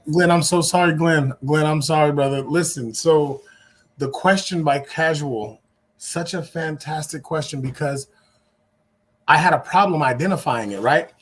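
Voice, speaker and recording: Husky emphatic man in a panel talk. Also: moderate pace. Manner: emphatic, swings from loud to low, restarts a lot. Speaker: podcast co-host.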